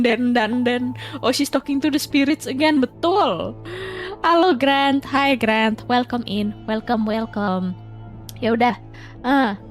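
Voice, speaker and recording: A high-pitched young woman hosting a game stream. She chats with viewers in a playful, giggly way. Her talk stays casual and joking throughout. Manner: playful, giggly, switches between languages. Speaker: VTuber streamer. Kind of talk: casual live-stream chat.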